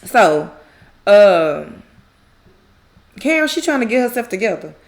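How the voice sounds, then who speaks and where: A woman's voice: mid-range voice, sing-song, unhurried. A woman casually recapping a TV drama episode, animatedly retelling scenes, acting out the characters' lines and laughing often. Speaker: recap YouTuber.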